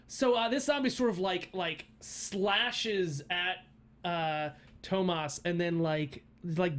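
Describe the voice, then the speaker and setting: Man, game master, tabletop game narration, fairly high voice, giggly, lots of ums and restarts. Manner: giggly, rambling narration full of fillers.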